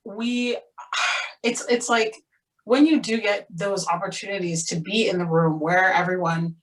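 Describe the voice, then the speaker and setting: A young woman theater actor, candid and animated, talking on a panel with frequent "like" fillers. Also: medium pitch, a little slow. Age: young adult. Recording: voice distant from the mic.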